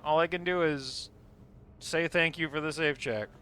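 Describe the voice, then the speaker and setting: A man's voice: on the high side, steady tone, a little slow, pushed and bright, clear, resonant tone. A man chatting casually on his live game stream, laughing often and swearing freely.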